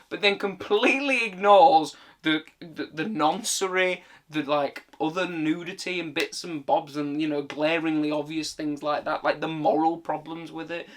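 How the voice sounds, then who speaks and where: A man's voice: on the high side, a little slow, few pauses, fairly bright tone. A British man giving a casual, exasperated film rant, full of swearing and filler words. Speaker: film reviewer. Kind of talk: casual ranting commentary.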